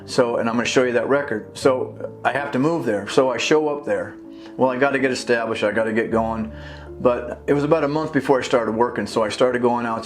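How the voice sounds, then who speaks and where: Guy ranting through a long story, mid pitch, acts out both sides of calls, faint guitar in the back. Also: fairly quick. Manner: rambling, indignant, acts out dialogue with restarts. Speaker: video blogger and activist. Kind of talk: casual storytelling monologue. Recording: faint guitar music behind.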